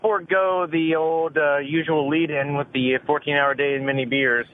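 A drunk man calling into a radio show, rambling and halting, with lots of fillers. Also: a little high, steady tone. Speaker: caller. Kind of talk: casual phone call to a radio show. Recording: tinny phone line with hiss.

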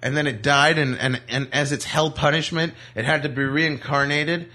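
Bright, lively man telling stories. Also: a little high, normal speed. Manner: animated, rambling, jokey. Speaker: comedian guest. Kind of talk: casual radio chat, storytelling. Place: radio studio.

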